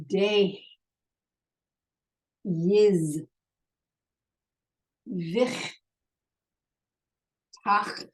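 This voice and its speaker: A woman's voice: medium pitch, darkish tone, poor audio. A woman teaching a language lesson, patiently sounding out syllables one at a time and repeating drills.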